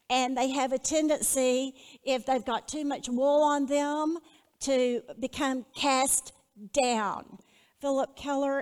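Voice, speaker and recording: A woman teaching a Bible lesson in an earnest, measured way, putting questions to her listeners. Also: high-pitched, big-room sound.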